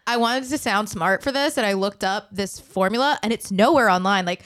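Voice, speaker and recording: A woman's voice: mid-range voice, normal speed, fairly bright tone, dry recording, studio quality. A woman guest on a podcast, explaining a method in a chatty way and laughing as she talks. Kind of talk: casual podcast chat.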